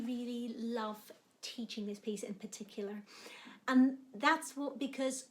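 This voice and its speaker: A woman cello teacher explaining technique in a music lesson, with warm, encouraging explanations. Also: on the high side.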